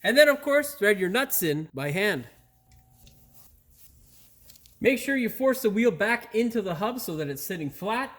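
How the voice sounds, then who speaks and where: A man hosts a casual car repair how-to with outtakes from his garage, his voice high-pitched, expressive and a bit bright, a little slow with long pauses. He's upbeat, keeps addressing viewers as "boys and girls," and curses freely when things go wrong. Soft music plays, and a neighbor's air compressor can be heard.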